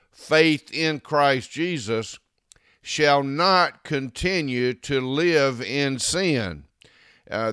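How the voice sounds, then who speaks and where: A male pastor delivers a sermon at an unhurried, deliberate pace. His voice is clear and resonant, recorded dry and close. He leans into key phrases with firm emphasis. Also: medium pitch, a bit bright, dry recording. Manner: slow, deliberate preaching with emphatic stresses. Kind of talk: expository sermon.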